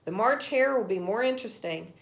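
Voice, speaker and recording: A woman voicing a polite, earnest young girl in a storybook reading, with lively pitch. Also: fairly quick, creaky. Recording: roomy echo.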